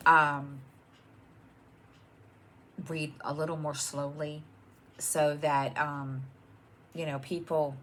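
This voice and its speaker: A middle-aged woman with a low-sitting voice that sounds pushed and bright chats casually to camera at home, hosting her own stitching channel. She rambles with plenty of ums and restarts, and there's slight background noise.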